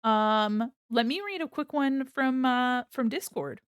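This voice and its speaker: A woman's voice: high-pitched, a little slow, clear, resonant tone, no room sound, studio quality. A woman hosting a stream who chats casually and rambles, distracted while she beads small crafts. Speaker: streamer host.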